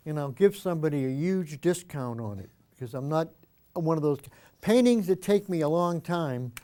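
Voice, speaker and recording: A man's voice: fairly high pitch, lively intonation, moderate pace, mellow. An older man hosting an art show, chatting casually and telling rambling stories while he demonstrates painting.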